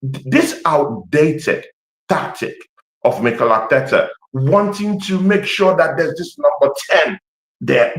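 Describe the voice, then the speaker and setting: A man's voice: on the high side, lively intonation, normal speed. Passionate African-accented man, echoey room. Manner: passionate, repetitive, hesitant with lots of fillers. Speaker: Arsenal fan pundit. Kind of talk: animated football podcast chat. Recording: roomy echo.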